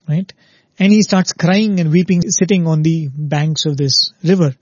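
A man's voice: fairly high pitch, unhurried, no room sound, highs cut off. A man giving a spiritual talk who tells a parable, explains at length and often checks in with listeners by asking "right?". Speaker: spiritual speaker.

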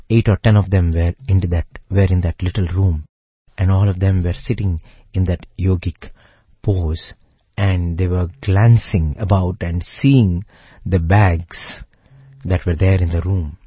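A man narrating a devotional story in a measured way, pausing phrase by phrase. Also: sits low, mellow, husky, no echo, lo-fi sound.

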